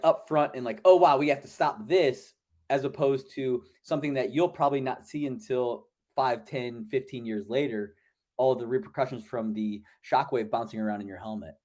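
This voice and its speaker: A man's voice: mid-range voice, steady tone, normal speed, a little mellow. A man co-hosting a podcast, talking in a laid-back, casual way with many "like" fillers. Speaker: podcast co-host. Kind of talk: casual chat.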